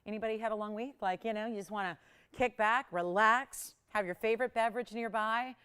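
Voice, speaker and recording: A woman's voice: on the high side, fairly quick, a bit bright, clean tone. Chatty woman hosting live jewelry sales. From Los Angeles area resident. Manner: chatty, upbeat, laughs often. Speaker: live jewelry shopping host. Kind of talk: live on-air sales chat. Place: television studio.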